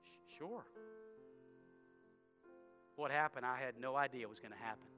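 A man preaching a sermon, telling a story with soft asides and sudden shouted prayers. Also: medium pitch, fast, soft background music. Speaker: pastor.

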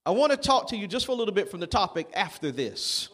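A man preaching a sermon, calling on the congregation to answer and building up to shouts. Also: high voice, sing-song, fast talker, slightly rough. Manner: call-and-response preaching, rising to shouts.

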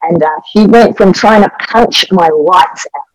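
A middle-aged woman with an Australian accent tells a testimony with earnest, emotional animation, and her pitch sits in a medium range. The recording is dry and close, with almost no room sound. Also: measured pace, no room sound, rough recording. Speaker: pastor's wife and evangelist. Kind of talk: testimony storytelling on a podcast.

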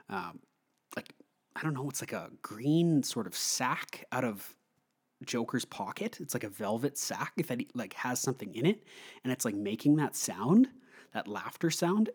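A man's voice: mid-range voice, darkish tone, slightly rough. A young man casually talking through a film review, chatty with frequent fillers and laughter. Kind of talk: casual movie review monologue.

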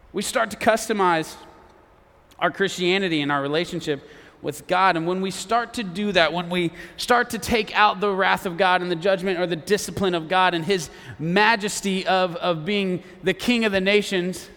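A young man delivers a sermon to a youth audience in an easy, conversational way, slipping in jokes and then hushing down to make a point. His voice sits high and bright. The sound carries a long echo, as in a large hall. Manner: conversational, drops to a hush for emphasis; jokey asides to a young audience. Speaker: youth preacher.

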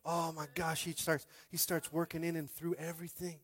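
A young man preaching a sermon as pastor, conversational and animated, calling out to the congregation. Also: a little high, normal speed.

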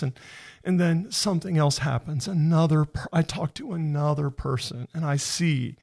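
A man with a slightly raised, gravelly voice hosts a faith-based conversation. He talks in an earnest, heartfelt way and often speeds up as his feeling builds. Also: fairly high pitch, normal speed, few pauses. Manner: earnest, emotional, speeds up when excited. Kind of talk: faith-based interview chat.

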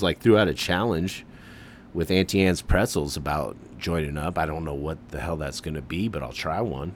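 A man from the Midwest with a very low voice, talking casually on his own as a podcast host. He is laid-back but keeps getting excited, peppering his talk with "man" and a little swearing. A faint hiss of noise sits under the recording. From American Midwest. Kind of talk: casual solo commentary.

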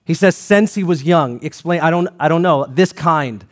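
A male pastor preaching a sermon, building to emphatic repeated lines and dropping to quiet asides. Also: a little high, moderate pace.

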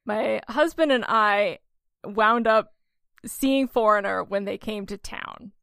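A woman co-hosting a podcast, telling stories in a lively, animated way and laughing often. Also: medium pitch, takes it slowly, gravelly, clear, resonant tone, dry recording, clean studio sound. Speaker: podcast co-host. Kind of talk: casual chat.

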